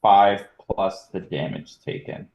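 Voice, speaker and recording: Very deep slow-talking player. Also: steady tone, reverberant, muffled recording, slight background noise. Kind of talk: casual tabletop game chat.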